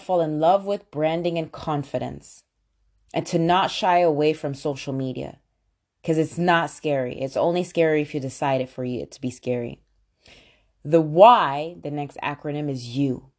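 A woman hosting a talk, coaching listeners on personal branding in an animated, motivational way. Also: low voice. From London-based. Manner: animated, sing-song repeated greetings, coaching tone. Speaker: podcast host and branding coach. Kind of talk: motivational monologue.

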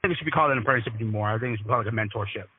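A man's voice: fairly low pitch, rapid-fire, husky, no echo. A man telling work stories with lots of restarts and swearing. His voice comes through a thin, phone-like line. The sound is dry and close, with no room around it. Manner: animated, profane, with many restarts. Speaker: electrician, podcast guest. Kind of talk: casual storytelling interview.

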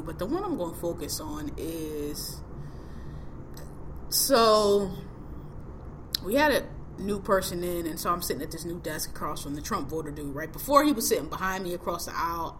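Bright-voiced woman ranting angrily. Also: on the low side, expressive, normal speed, a little hiss or hum. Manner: angry, profane, emphatic ranting. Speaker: podcast host. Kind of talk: casual ranting chat.

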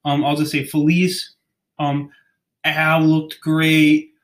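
A man's voice: fairly high pitch, monotone, slow. A young man hosting a podcast, chatting casually, rambling and ranting, often stumbling over names. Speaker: podcast host. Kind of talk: casual chat.

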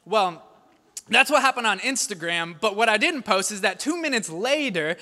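Young dad pastor preaching, high bright voice, chatty and animated, big echoey church hall. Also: male voice, moderate pace. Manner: conversational, animated storytelling with rising intensity. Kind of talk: sermon. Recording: long hall reverb.

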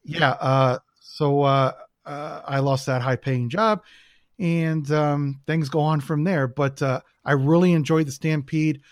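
A man's voice: on the high side, fairly even intonation, a little slow, no echo, clean studio sound. A man from the United States chatting casually as a podcast guest, telling rambling, enthusiastic stories with lots of fillers.

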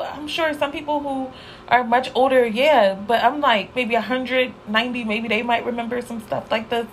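A young woman with a fairly high voice, riffing alone on her podcast in loose, candid slang. She laughs easily and her pitch leaps upward when she wants to stress a point. A faint hiss of noise sits under the recording. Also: poor audio. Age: young adult. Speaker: podcast host. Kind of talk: casual solo podcast monologue.

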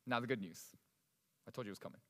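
A male pastor delivering a sermon, swinging between loud emphasis and hushed, soft passages. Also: mid-range voice, racing, long reverb tail.

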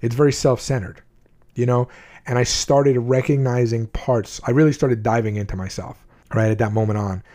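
Earnest man with a mellow voice. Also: medium pitch, steady tone, normal speed. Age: adult, at least 20s. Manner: earnest, blunt and emotional, with frequent restarts. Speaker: vlogger telling his life story. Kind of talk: candid personal storytelling.

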